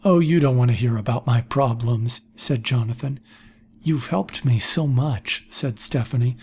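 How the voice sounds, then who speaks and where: A man narrating a novel in an unhurried, even reading voice. His tone is husky with a slightly breathy edge. Quiet lines slip into a soft whisper. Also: medium pitch. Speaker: audiobook narrator.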